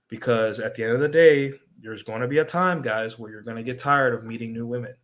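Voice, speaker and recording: A man's voice: medium pitch, fairly even intonation, quick pace, few pauses, fairly bright tone. Casual man giving dating advice. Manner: conversational, repeats "right?" as a tag. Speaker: dating coach streamer.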